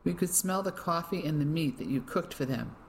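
The narrator voicing a sharp-tongued village woman who snaps scornfully. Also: medium pitch, animated, a little fast, slight background noise, lightly acted. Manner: snapping and scornful.

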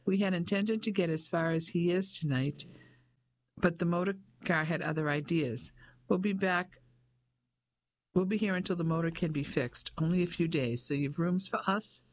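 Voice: mid-range voice, moderate pace, close to an everyday voice. Narrator doing poised English lady, polite, composed.

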